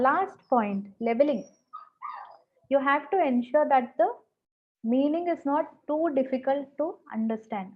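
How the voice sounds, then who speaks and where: A woman with a Telugu accent teaching translation online, explaining step by step and often putting questions to the class. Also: high-pitched. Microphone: video call. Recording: dull lo-fi online call audio.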